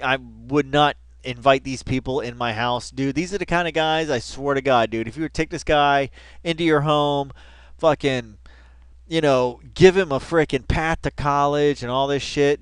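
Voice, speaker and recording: A man's voice: medium pitch, fairly bright tone, clear, resonant tone, no room sound. A man hosting a reaction video, talking in a casual, rambling, profane way full of slang.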